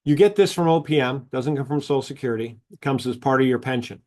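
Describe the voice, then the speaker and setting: A man's voice: medium pitch, fast talker, darkish tone. A man presenting a seminar on government retirement benefits, explaining formulas in a chatty way and telling anecdotes. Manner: chatty, tells anecdotes, acts out dialogue.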